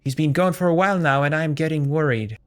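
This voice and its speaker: A fretful, gently polite woman waiting up at night for her husband, her voice pitched up and lifted, as a man puts her on for a game character. She talks quickly and anxiously, then excuses herself in a mild, courteous tone. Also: clean tone, natural voice. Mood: worried.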